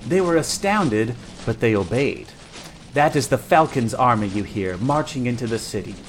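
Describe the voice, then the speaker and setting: Dude doing a cruel witch princess, smug and mocking, bit raised pitch. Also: animated, moderate pace, a little hiss or hum, lightly acted. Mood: commanding. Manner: gloating, mocking. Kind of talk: dramatic reading of a story.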